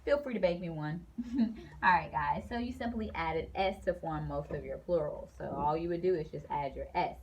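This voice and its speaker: A woman's voice: low voice, normal speed, a little hiss or hum. A woman teacher giving a classroom grammar lesson, playful and sing-song, acting out the example sentences.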